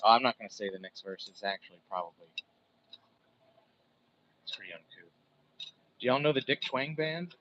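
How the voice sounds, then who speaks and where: Dude from alaska whittling on a livestream, swears a ton, rambles, dull lo-fi phone sound. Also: male voice, a little high, sharp tone. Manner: profane, rambling storytelling. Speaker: livestream host. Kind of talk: casual livestream chat while whittling. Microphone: phone set far from him.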